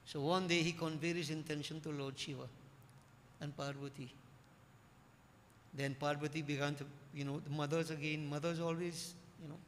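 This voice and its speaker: A male preacher delivers an emphatic sermon, repeating key phrases and swelling louder on his main points. His voice is bright, a little high, and rings in the long echo of a hall. A faint murmur sits underneath. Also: a little hiss or hum. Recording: echoey hall with faint ambience.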